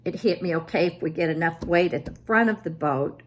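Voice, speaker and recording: A woman's voice: fairly low pitch, a little fast. A woman in her seventies telling family stories in a casual, self-deprecating vlog. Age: 70s. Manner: self-deprecating, animated when quoting family. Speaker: vlogger.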